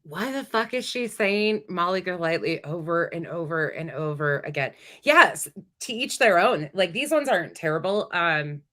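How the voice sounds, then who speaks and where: A woman's voice: on the low side, animated, moderate pace, a bit bright. A woman hosting reaction commentary, talking bluntly and casually with frequent fillers. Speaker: commentary host.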